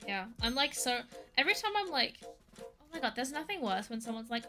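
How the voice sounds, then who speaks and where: A woman's voice: on the high side, big pitch swings, fairly quick, bright, forceful tone, faint music behind. Ranting young-sounding woman streamer. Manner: rambling, ranty, heavy use of "like". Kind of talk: casual chat. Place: home streaming setup.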